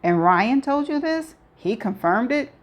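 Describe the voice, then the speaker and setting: A woman reading a novel aloud, voicing a shaken young woman who talks haltingly and corrects herself. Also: on the low side, muffled recording, lightly acted. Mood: startled.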